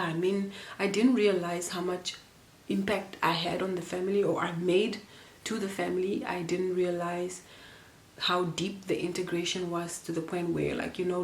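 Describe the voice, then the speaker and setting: Low-voiced woman vlogger, roomy sound. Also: a little hiss or hum. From Namibia. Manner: rambling, emotional, many fillers and restarts. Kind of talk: casual storytelling to camera.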